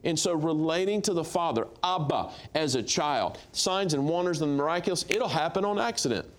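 A middle-aged man, a guest minister, telling lively stories on a talk show and acting out dialogue with laughs. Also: a little high, normal speed. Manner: animated storyteller, acts out dialogue, laughs. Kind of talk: storytelling testimony on a talk show.

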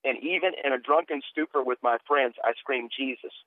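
A middle-aged minister and author, guesting on a radio interview, tells his testimony earnestly, stammering as he restarts. His mid-range voice is brisk, heard over a dry, tinny phone line with no room sound.

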